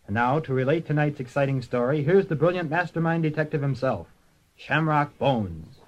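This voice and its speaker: A man's voice: a little high, fast, lo-fi sound. A man announcing the start of a comedy radio show in a formal, emphatic way.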